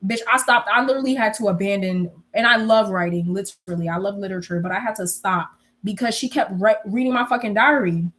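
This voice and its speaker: A young woman telling stories in a casual, animated way, swearing freely and laughing often. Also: medium pitch, fast talker, few pauses. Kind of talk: casual storytelling chat.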